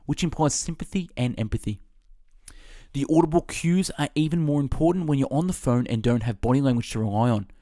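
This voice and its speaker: Man, mid-pitched, scripted book-summary narration, steady instructive reading, dry close sound. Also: no room sound.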